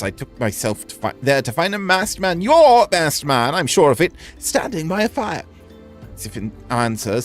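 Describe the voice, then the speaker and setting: A man's voice: mid-range voice, lightly acted. A man voicing an anxious, struggling small-time male merchant in a video game, speaking in a wheedling sales manner. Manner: wheedling, fretful sales talk.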